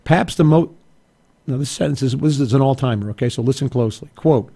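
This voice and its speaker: Gravelly emphatic talk host. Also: male voice, medium pitch, fast talker, dark tone. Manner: emphatic and argumentative, with frequent restarts and asides. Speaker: radio talk show host. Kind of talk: opinionated political commentary.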